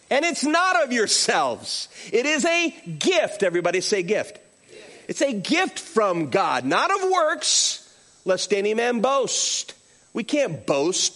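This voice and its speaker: A middle-aged male pastor preaching a sermon, telling stories with acted-out quotes. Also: sits high. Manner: animated storytelling with acted-out quotes.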